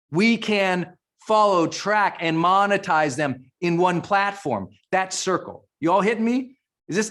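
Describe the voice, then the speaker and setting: Fired-up man teaching a live webinar. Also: high-pitched. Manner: fired-up, energetic, repeats phrases for emphasis. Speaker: summit speaker.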